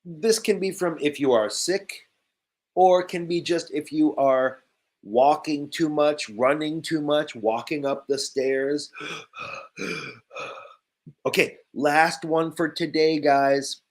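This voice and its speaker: A man's voice: a little high, slow pace. A man teaching English vocabulary to learners, speaking simply and repeating each key word. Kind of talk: slow, clear ESL vocabulary lesson.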